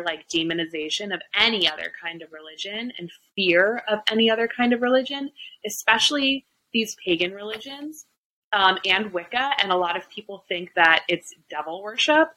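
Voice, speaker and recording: A woman's voice: mid-range voice, bright, forceful tone, rough recording. A woman in her twenties hosting a podcast in casual chat, speaking in a thoughtful, earnest way and asking follow-up questions. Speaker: podcast host.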